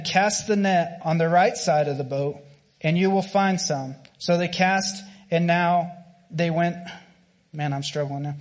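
American man, slightly high voice, chatty sermon delivery with lots of restarts. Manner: casual, conversational preaching with frequent fillers and restarts. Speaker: preacher.

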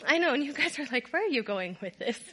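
A fast-talking, high-voiced woman from Minnesota, middle-aged, tells her viewers a funny story as a vlogger. She's animated and keeps bursting into laughter along the way.

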